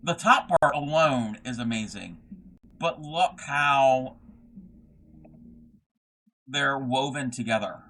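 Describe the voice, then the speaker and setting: Bright-voiced rambling man streaming. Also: mid-range voice, a little hiss or hum. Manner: rambling, reads chat aloud, trails off with fillers. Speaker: craft livestream host. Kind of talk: casual livestream chat.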